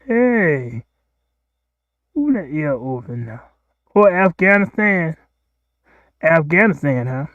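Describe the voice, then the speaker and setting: A man's voice: high-pitched, smooth, dry recording, lo-fi sound. A man hosting a rambling solo livestream, repeating himself and pleading with the countries he addresses. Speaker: livestream host.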